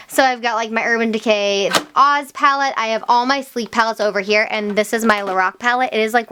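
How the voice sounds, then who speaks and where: Bright-voiced chatty young woman. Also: mid-range voice, a little hiss or hum. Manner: chatty, swaps between excited and tired asides. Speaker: beauty vlogger. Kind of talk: casual chat to camera.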